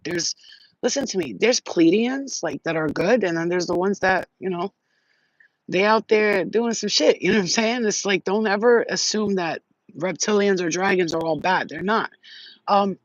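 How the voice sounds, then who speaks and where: A woman hosting a casual spiritual livestream, talking in an animated, slangy way, swearing and laughing often. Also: lowish voice, moderate pace, no room sound, rough recording. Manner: animated, slangy, swears, laughs often, many "you know what I'm saying". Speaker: spiritual channel host.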